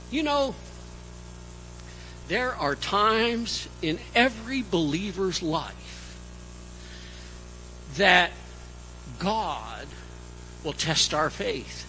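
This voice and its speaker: Male pastor for a church sermon: high, bright voice, unhurried and emphatic, swinging between loud and soft. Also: animated, slight background noise, poor audio. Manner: slow, emphatic preaching with dramatic swings in loudness.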